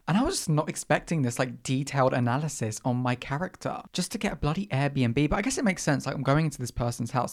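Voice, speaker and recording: A podcast host telling a story in casual, animated chat full of slang and dramatic asides. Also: mid-range voice.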